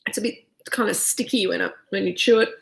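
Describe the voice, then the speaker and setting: A winemaker hosts a casual virtual wine tasting, chatting freely as she chews on cheese. Her medium-pitched voice moves quickly and has a touch of vocal fry.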